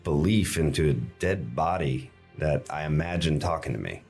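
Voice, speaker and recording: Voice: very deep voice, expressive, normal speed, darkish tone, breathy edge, soft background music. A player at a tabletop game, talking skeptically and drawling in character. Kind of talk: casual in-character roleplay.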